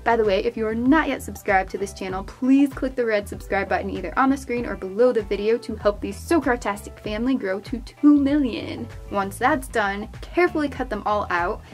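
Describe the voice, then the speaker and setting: A woman's voice: fairly high pitch, brisk, few pauses, soft background music. A young woman, host of a craft channel, chatting her way through a step-by-step craft tutorial voice-over. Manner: chatty, upbeat, explaining step by step.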